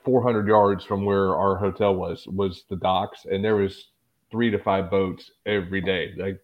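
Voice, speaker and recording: A man's voice: low voice, unhurried, narrow, tinny audio. A man co-hosting a podcast, telling a story with lots of life and laughing along. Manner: animated storyteller, laughs through stories. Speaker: podcast co-host. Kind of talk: casual podcast banter.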